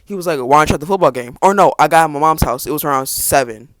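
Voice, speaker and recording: On his podcast, a teenage boy races through a rambling personal anecdote, restarting often and adding sarcastic comments. The voice is a little high, with no room sound.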